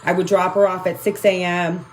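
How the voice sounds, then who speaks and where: A woman's voice: lowish voice, little pitch movement, moderate pace, a little hiss or hum. A woman speaking candidly and emotionally to her livestream viewers about spiritual growth, swearing freely and often asking "right?". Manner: conversational, keeps asking "right?". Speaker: spiritual self-help vlogger.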